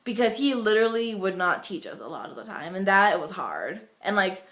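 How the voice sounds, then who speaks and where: A woman's voice: medium pitch, animated, a little fast, a bit bright. Chatty young woman vlogging at home. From United States. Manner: chatty, rambling, many fillers. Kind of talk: casual vlog storytelling.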